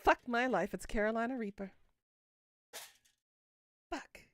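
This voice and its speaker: A woman's voice: a little high, measured pace, no room sound, clean studio sound. A woman streaming a spicy food challenge, swearing, groaning and coughing as she talks to her chat. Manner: swears a lot, groans and coughs through the heat. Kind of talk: livestream hot-sauce challenge chat.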